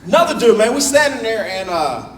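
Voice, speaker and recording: Animated young man telling stand-up stories. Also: high-pitched, a little fast, a little hiss or hum. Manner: animated, acts out characters in shifting voices. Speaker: stand-up comedian. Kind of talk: stand-up storytelling. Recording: roomy hall, mic at a distance.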